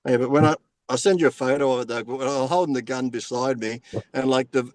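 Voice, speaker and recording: A man's voice: medium pitch, steady tone, quick pace, dry recording. A man telling profane, laughing stories as a guest in a casual podcast chat over a video call. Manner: profane storyteller, laughs between phrases.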